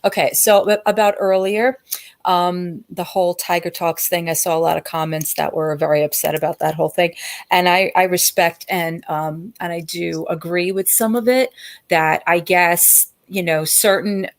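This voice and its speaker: A woman's voice: fairly low pitch, steady tone. A woman on a commentary stream who speaks carefully, choosing her words in a guarded way. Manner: careful, measured, guarded wording. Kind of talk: casual commentary.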